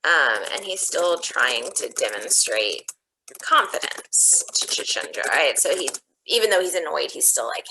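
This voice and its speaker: A woman's voice: deep voice, big pitch swings, moderate pace, sharp tone, a little hiss or hum, poor audio. A woman teacher walking students through a recorded online lesson, thinking aloud step by step as she types. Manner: thinks aloud step by step, explaining her reasoning.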